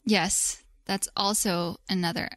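A woman's voice: mid-range voice, steady tone, slow, a bit bright, no echo, clean studio sound, faint music behind. A woman co-hosting a casual podcast, rambling and chatty, saying "like" a lot. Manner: chatty, rambling, says "like" often. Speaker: podcast co-host.

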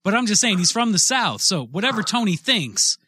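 Male co-host, high expressive voice, teasing banter, audible clicking noise behind. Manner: teasing, quick. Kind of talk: casual banter.

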